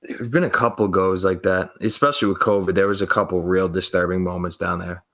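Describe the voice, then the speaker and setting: A man's voice: deep voice, steady tone, fairly quick, fairly bright tone. A young man on a casual podcast, telling a long rambling story full of swearing and acted-out quotes. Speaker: podcast co-host.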